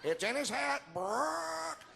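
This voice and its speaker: A comedian voicing a cheeky talking parrot that gives away a magician's tricks. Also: male voice, very high voice, very animated, takes it slowly, creaky, bright, forceful tone, pitched above the performer's own voice, exaggerated voice. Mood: tattling.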